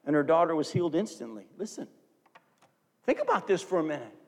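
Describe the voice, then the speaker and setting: Pastor, male, high voice, animated sermon delivery, booming hall reverb. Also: a little fast. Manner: animated, acts out scripture quotes for the congregation.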